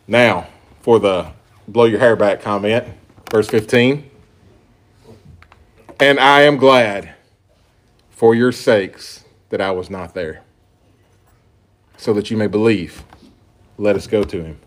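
A pastor preaching an earnest sermon, reading scripture aloud with emphatic stresses. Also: male voice, on the low side, slow, pauses often.

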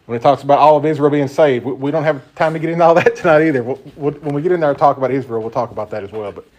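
A man's voice: on the high side, rapid-fire. Nadrukkelijke man die Bijbelles geeft. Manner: conversational, emphatic, asks the group questions. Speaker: Bible teacher. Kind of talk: informal Bible study teaching.

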